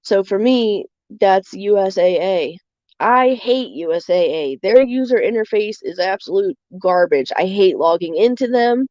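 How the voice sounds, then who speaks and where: A woman's voice: medium pitch, lively intonation, measured pace, a little mellow, no echo, lo-fi sound. A young adult woman streaming live, chatting candidly with many fillers. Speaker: livestream host. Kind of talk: casual chat.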